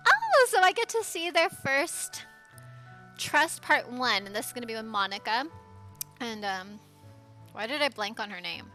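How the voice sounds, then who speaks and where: Casting: casual home gamer woman, bright lively voice, laughs and mutters asides. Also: on the high side, measured pace, pauses often, faint music behind. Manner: chatty, bursts of laughter, soft asides. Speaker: let's play gamer. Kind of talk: casual gameplay commentary. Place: home, at a laptop. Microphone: headphones with mic.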